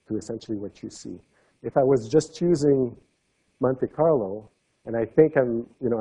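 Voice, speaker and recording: Dark, husky-voiced male lecturer. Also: medium pitch, lo-fi sound. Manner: explanatory, trails off softly at phrase ends. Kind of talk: academic seminar talk.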